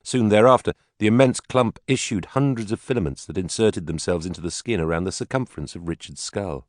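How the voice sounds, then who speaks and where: A man narrating an audiobook in a measured, steady storytelling manner. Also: fairly low pitch, no echo, clean studio sound.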